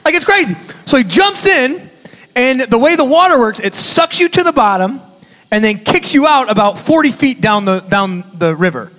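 A man, a youth pastor, giving a sermon with animated storytelling and conversational asides to his audience. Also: very high voice, normal speed. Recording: reverberant hall.

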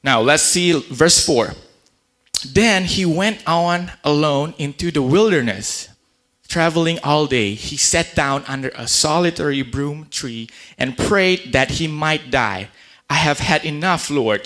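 A man giving a casual sermon, his voice bright and forceful and sitting a little high. He retells Bible stories in everyday speech, tripping over repeated words and fillers. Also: expressive, takes it slowly. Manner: conversational, acts out quotes in a chatty voice. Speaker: pastor.

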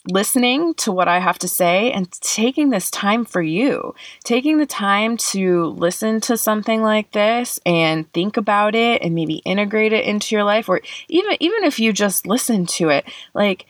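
A woman's voice: mid-range voice, lively intonation, normal speed, hardly any pauses, dry recording. A young woman hosting a reflective solo podcast, speaking earnestly and emotionally, tearing up, with many fillers. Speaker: podcast host.

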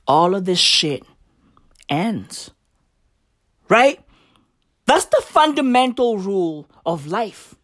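A woman delivering a profane comedic rant, swinging between slow musing, sing-song chanting and shouting. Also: medium pitch. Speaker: comedic commentator. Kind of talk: ranting comedic monologue.

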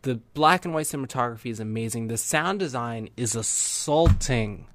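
Young male film vlogger, eager and rambling, average pitch, dry recording. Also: animated, moderate pace, dry recording. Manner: enthusiastic, rambling. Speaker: movie reviewer. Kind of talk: casual movie review.

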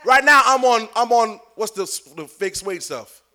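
A man's voice: extremely high pitch, lively intonation, moderate pace, bright, forceful tone. A middle-aged man preaching a live sermon in church, joking with and coaxing the congregation.

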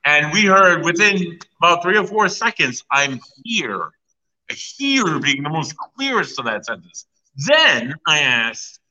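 A man's voice: a little high, sing-song, slow, sharp tone, highs cut off. A man, a paranormal investigator, earnestly explaining what he asked and heard, in casual talk. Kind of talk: casual chat.

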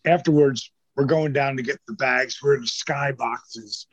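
A man's voice: medium pitch, a little slow, slightly rough, dry recording. An older man, a former pro wrestler, telling rambling, profane stories as an interview guest, with lots of restarts. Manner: rambling, profane, animated storyteller with many restarts. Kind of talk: casual storytelling.

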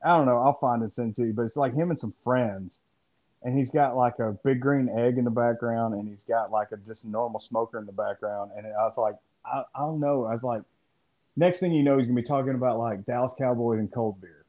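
A man's voice: mid-range voice, brisk. A man co-hosting a podcast in casual chat, rambling and profane as he riffs. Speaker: podcast co-host. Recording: muffled lo-fi audio.

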